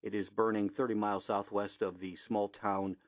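A middle-aged man hosting a radio show, telling a story with lots of "uh" fillers, his voice jumping high when he quotes people, then reading local headlines. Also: flat delivery, normal speed, dry recording, studio quality. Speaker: radio host. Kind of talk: casual storytelling and local news.

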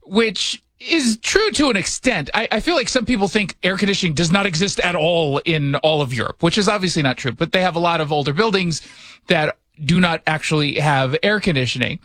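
A man's voice: high voice, expressive, fairly quick, a bit bright, no echo. A middle-aged man hosting a radio talk show in his studio, chatting casually with sarcastic jokes and rhetorical questions. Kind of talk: casual political commentary chat. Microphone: studio mic.

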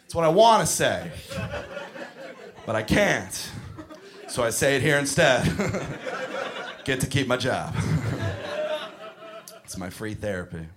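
A man's voice: medium pitch, takes it slowly, pauses often, a crowd in the background. A young man doing a stand-up comedy set, telling stories in a brash, profane way. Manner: brash, profane, animated storytelling.

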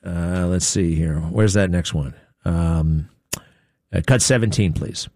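A male talk show host delivers opinionated commentary with a sarcastic, mocking edge. His voice sits a bit low, and the sound is dry and close. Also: slow pace, darkish tone, no room sound.

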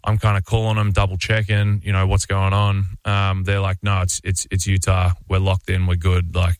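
A man's voice: deep voice, monotone, moderate pace, clean tone, no echo. An Australian man, a basketball player guesting on a radio show, telling a story in a loose, rambling way full of fillers and restarts. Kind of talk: casual storytelling anecdote.

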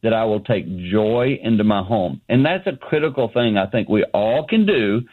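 A middle-aged man tells a story from his own life with earnest warmth, slipping into quoted lines as he goes. His voice comes through a narrow, tinny phone connection. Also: lowish voice, normal speed. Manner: earnest, animated storyteller who acts out dialogue. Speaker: ministry founder, guest. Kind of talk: telling a personal story on a radio show. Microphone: remote line.

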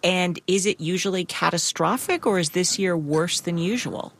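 A woman hosting a radio news program, reading and interviewing in a clear, composed way. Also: on the low side, normal speed. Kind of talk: news presenting.

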